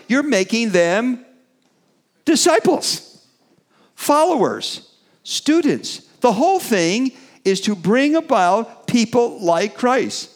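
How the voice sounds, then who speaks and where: A middle-aged man delivers a sermon in an animated way, his pitch swinging widely and sitting a little high for a man. He builds to emphatic peaks on key words, then drops back and trails off with fillers. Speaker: preacher.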